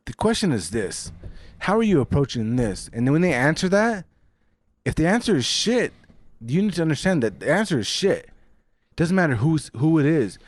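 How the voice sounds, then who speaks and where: A man's voice: fairly high pitch, big pitch swings, moderate pace, no room sound. A man co-hosting a podcast, speaking bluntly and matter-of-factly in casual chat. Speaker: podcast co-host.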